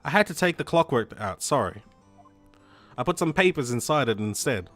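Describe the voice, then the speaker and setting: Composed older-sister lawyer for a game, voiced by a man, gentle, measured. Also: mid-range voice, lively intonation, soft background music, natural voice. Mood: calm. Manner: gentle, measured, softly teasing.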